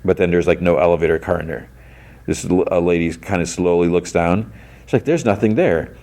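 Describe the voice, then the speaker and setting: A man's voice: deep voice, level tone, brisk, a little mellow. A man hosting a podcast, retelling an episode in a casual, rambling way full of "like" and restarts. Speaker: podcast host.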